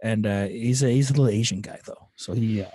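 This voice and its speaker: A man's voice: fairly low pitch, quick pace, dark tone, husky, dry recording. A man chatting in a laid-back way, full of fillers like "you know" and "I mean," easily agreeing. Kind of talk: casual chat.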